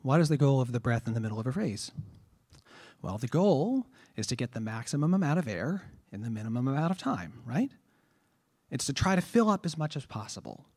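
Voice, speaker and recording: A man's voice: mid-range voice, sing-song, a little fast, a little mellow, breathy edge. A man teaching a trombone masterclass, explaining breathing with rhetorical questions and demonstrated vowel sounds. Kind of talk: masterclass lecture.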